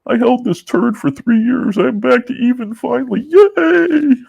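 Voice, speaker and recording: A man voicing a giddy, panicking male retail investor in a shrill, mocking squeal. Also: a little slow, gravelly, darkish tone, slightly rough, heavily acted. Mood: mocking glee.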